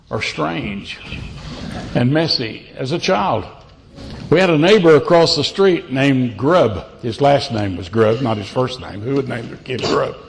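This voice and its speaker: A man's voice: mid-range voice, creaky, slight background noise. An older man preaching from a church pulpit, telling folksy, self-deprecating stories with frequent restarts. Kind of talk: storytelling sermon.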